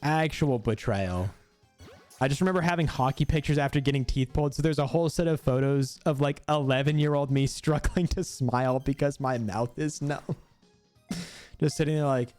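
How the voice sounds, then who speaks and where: A young man streaming, casually telling a story while gaming, animated and cursing freely with frequent laughter. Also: fairly high pitch, a little fast, faint music behind.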